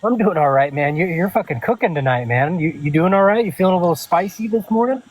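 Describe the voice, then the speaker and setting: Male stream guest, casual chat, laid-back, casual cursing, slightly high voice. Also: expressive, fast talker, poor audio. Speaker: guest on a livestream.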